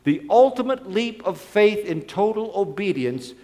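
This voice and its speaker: A man preaching a sermon as a dramatic story, swinging between loud and soft. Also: high-pitched, very animated, a little slow, few pauses. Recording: long hall reverb.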